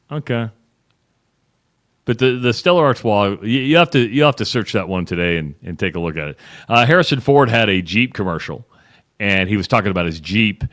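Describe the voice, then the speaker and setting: A man's voice: on the low side, a bit bright. A man co-hosting a sports radio show, chatting casually and retelling stories with lots of restarts. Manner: rambling storyteller, retells ads with quoted voices.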